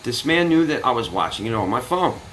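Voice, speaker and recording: A man's voice: mid-range voice, fairly quick, slight background noise, poor audio. A man telling a story casually to his viewers, cursing freely and acting out what people said. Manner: animated, profane, acts out quotes. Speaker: vlogger.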